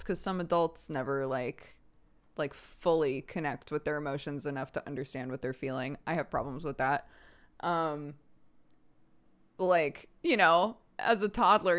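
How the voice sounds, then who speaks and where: A woman in her thirties talks casually to her stream audience, candid and quick to poke fun at herself. Her voice sits fairly low but sounds bright and clear. Her pitch rises and falls a lot as she tells stories. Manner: candid and self-mocking, laughs often, acts out loud exasperated outbursts. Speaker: streamer host.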